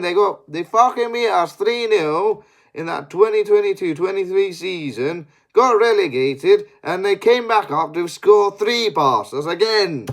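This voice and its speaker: A young man giving a sweary, exasperated post-match analysis as a football fan. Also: high voice.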